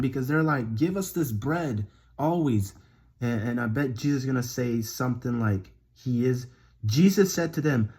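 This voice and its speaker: A young man with a slightly husky voice leads a Bible study, pitched right in the middle of the male range. He talks in a loose, slangy way and slows down on the lines he reads for emphasis. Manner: slangy and conversational, with reading slowed for emphasis. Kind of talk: casual Bible reading and commentary.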